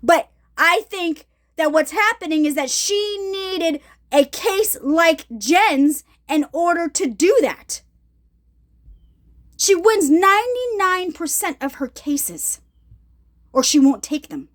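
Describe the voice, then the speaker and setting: A woman with a high-pitched voice tells her story straight to her viewers in a casual ministry vlog. She speaks emphatically and keeps pausing to ask if they are still with her. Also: expressive. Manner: emphatic, addresses viewers directly with repeated check-ins. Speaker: ministry vlogger.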